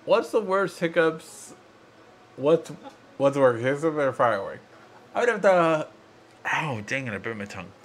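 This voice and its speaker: A man's voice: fairly high pitch, animated, a little slow, long pauses. A tipsy man hosting a live tech show, slurring his words and hiccuping as he chats with viewers. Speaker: host.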